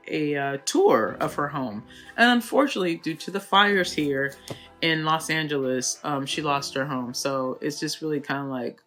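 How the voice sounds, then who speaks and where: A woman hosting a reality TV recap, talking in a chatty, animated way full of fillers. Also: deep voice. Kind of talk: casual commentary.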